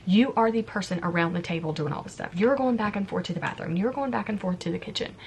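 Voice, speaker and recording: Her mid-range voice is animated, quick-paced and a little mellow, with a slight hiss or hum in the recording. She's a vlogger in her thirties sharing a personal story to camera from home in a confiding, chatty way, acting out her own lines, as yard work sounds outside.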